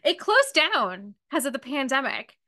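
A woman's voice: high voice, unhurried. A young Canadian woman hosting a casual podcast, telling a stand-up bit with lots of swearing and acted-out quotes of her mom. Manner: swears freely, acts out her mom in animated bits. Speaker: podcast host.

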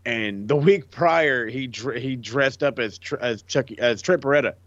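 A man co-hosting a casual chat show, animated and profane, often acting out what others said. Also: medium pitch, normal speed, dry recording. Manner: animated, profane, acts out quotes. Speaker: podcast co-host. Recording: dull lo-fi dry mic.

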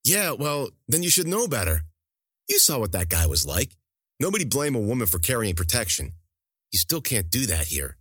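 A man's voice: medium pitch, wildly swooping pitch, normal speed, a bit bright, breathy edge, dry recording, studio quality, voice pushed up, full character voice. A man voicing a big male bar bouncer who scolds a troublesome regular in an exasperated way. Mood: scolding exasperated.

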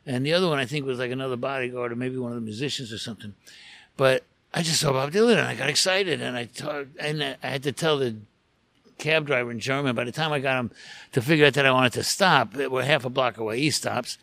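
A man's voice: medium pitch, fast, pushed and bright, dry recording. A man, a photographer, telling a long anecdote in casual conversation, full of restarts and asides. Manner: rambling storyteller with frequent restarts and asides. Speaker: guest photographer.

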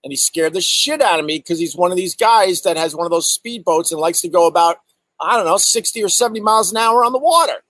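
Middle-aged man comedian, casual storytelling, slightly high voice, dry close sound, animated and profane. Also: fast, no echo, poor audio. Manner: animated, profane, acts out exaggerated quotes; reads and answers viewer chat. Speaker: comedian host. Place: outdoors in bright sun.

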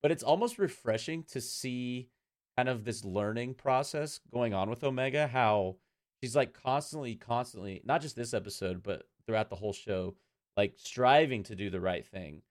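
A man co-hosting a casual fan podcast, talking in a rambling, animated way and laughing often. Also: mid-range voice, moderate pace. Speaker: podcast co-host.

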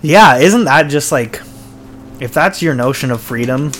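A man's voice: a little high, animated, measured pace, a bit bright. A man hosting a podcast in casual chat, talking in a rambling, profane way full of restarts and fillers. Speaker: podcast host.

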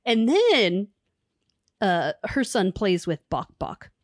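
Animated woman telling a story, dry. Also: medium pitch, slow, dry recording. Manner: animated storyteller, acts out quotes. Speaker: podcast co-host. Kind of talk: casual chat, storytelling.

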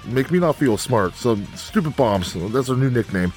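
A man's voice: medium pitch, expressive, moderate pace, darkish tone, faint music behind. A man co-hosting a game review, ranting angrily and swearing constantly, laughing between insults. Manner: angry, foul-mouthed, laughs between jabs. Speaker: co-host reviewing a video game. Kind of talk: profane comedic rant.

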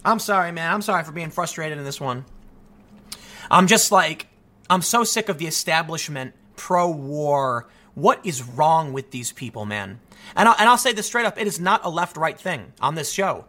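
A man's voice: on the high side, lively intonation, normal speed, sharp tone. A man ranting through an opinion monologue as a commentary host, exasperated and full of rhetorical questions. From United States.

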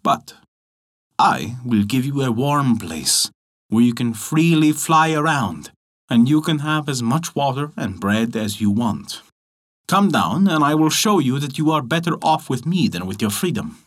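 A man's voice: mid-range voice, lively intonation, unhurried. A man playing a proud, grasping rich man in a folk tale, speaking in a coaxing, indignant way.

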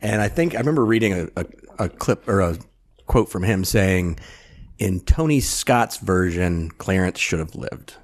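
Co-host, man, very deep voice with a husky edge, easygoing chat. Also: moderate pace. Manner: relaxed, brief agreeing replies. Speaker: podcast co-host. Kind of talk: casual chat.

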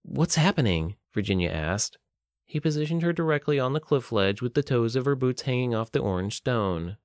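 A man reading a story aloud in a steady, even audiobook narration. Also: medium pitch, brisk, no room sound, studio quality.

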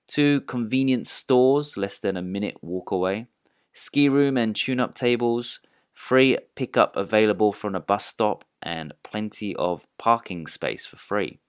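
A man co-hosting a podcast, reading the sponsor spot and intro in a relaxed, casual way. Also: lowish voice, unhurried, smooth, no echo, clean studio sound. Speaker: podcast co-host.

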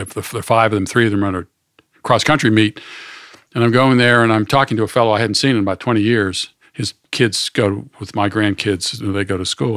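A man's voice: lowish voice, fairly bright tone, dry recording. Older man guest, rambling anecdotal talk, dry close studio sound. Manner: rambling storyteller, many restarts. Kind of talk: casual conversation.

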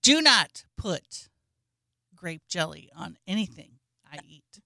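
Dry-humored woman with bright voice. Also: lowish voice, sing-song, slow pace, gravelly, no echo. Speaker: podcast co-host. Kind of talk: casual comedic chat.

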